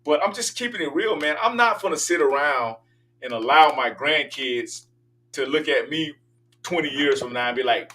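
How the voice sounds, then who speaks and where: An older man rants emphatically as he hosts his talk show, his voice bright and pushed. He sounds set back from a distant microphone. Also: mid-range voice, lively intonation, normal speed. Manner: emphatic, ranting, preachy. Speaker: political talk show host. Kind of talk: opinionated monologue.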